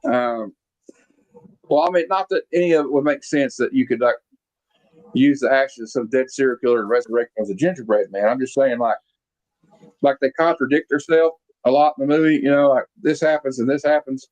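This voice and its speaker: A man's voice: medium pitch, brisk, darkish tone, dull audio. A man hosting a casual movie review chat, rambling along with lots of fillers and restarts. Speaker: podcast host reviewing a movie. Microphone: video call.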